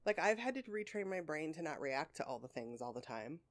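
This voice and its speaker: A woman with a fairly low voice chats on her podcast. She is candid and rambling and swears freely. Her throat is a little sore. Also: very animated, brisk. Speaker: podcast co-host. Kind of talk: casual chat.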